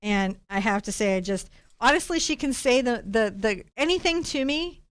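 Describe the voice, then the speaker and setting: A woman's voice: high voice, brisk, no echo. A middle-aged American woman hosting a live painting lesson, chatting animatedly with viewers as she works. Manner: chatty, animated, warm asides to chat viewers. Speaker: host and painting teacher.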